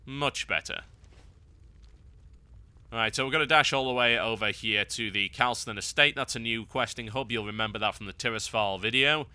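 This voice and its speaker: A man's voice: medium pitch, normal speed, sharp tone, clear, resonant tone, dry recording. A man hosting a game guide, giving wry, sarcastic gameplay commentary.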